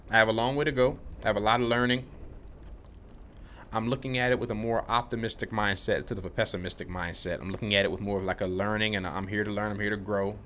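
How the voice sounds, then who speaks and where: A man's voice: on the low side, fairly bright tone, a little hiss or hum. A young man vlogging, telling a rambling, laid-back story about work, full of slang. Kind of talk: casual rambling monologue.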